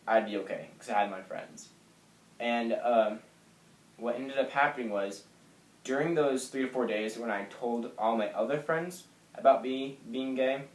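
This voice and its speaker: A man's voice: on the low side, roomy sound, low-quality recording. A young man telling his personal story to the camera in a candid, hesitant way with frequent fillers. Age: young adult. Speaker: vlogger.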